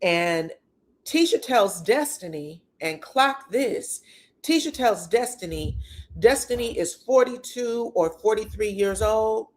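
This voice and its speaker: A woman's voice: mid-range voice, slow pace. Sassy woman recapping reality TV. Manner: sassy, expressive, rhetorical questions. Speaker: reality TV commentator. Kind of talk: casual reality TV recap commentary.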